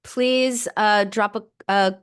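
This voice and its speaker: A woman psychologist hosting a radio talk show and chatting with a livestream audience. She talks loosely, with restarts and fillers, and leaps up in pitch when she acts out people's inner thoughts. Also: slow, clear, resonant tone. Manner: animated, jumps higher when voicing inner thoughts.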